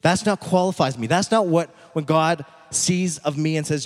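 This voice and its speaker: A man giving a sermon as a pastor, telling a story slowly and emphatically, dropping at times to a near whisper. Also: on the high side. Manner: dramatic storytelling, slow emphatic pauses, drops to near whisper. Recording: echoey hall.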